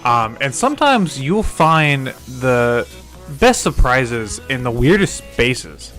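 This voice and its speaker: A man's voice: mid-range voice, big pitch swings, slow, fairly bright tone, soft background music. A man doing a game review voice-over, swearing a lot and stumbling over his words as he complains. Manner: profane and exasperated, stammers and restarts.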